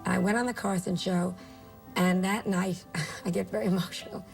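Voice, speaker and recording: A woman comedian telling an emotional career story in an interview, animated and tearful at moments. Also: fairly low pitch, normal speed, vocal fry, faint music behind.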